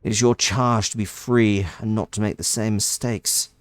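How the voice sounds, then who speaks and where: A man voicing a solemn, alluring winged woman from a game, speaking softly and slowly. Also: fairly low pitch, fairly even intonation, no echo, close to an everyday voice.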